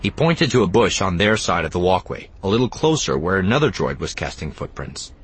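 A man narrating an audiobook in an expressive, even storytelling manner. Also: sits low, brisk, slightly rough. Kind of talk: scripted narration.

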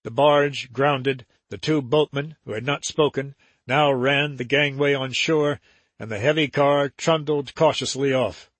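A man narrating an adventure novel in a measured, steady way. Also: medium pitch, no room sound. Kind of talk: audiobook narration.

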